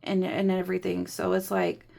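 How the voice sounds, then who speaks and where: A woman in her thirties with a gravelly, fry-tinged voice talks through a budgeting vlog in a loose, candid ramble. She counts cash aloud as she goes, and her grief sits quietly under the chat. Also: fairly low pitch, monotone, moderate pace. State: grieving. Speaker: budgeting vlogger. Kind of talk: casual chatty vlog.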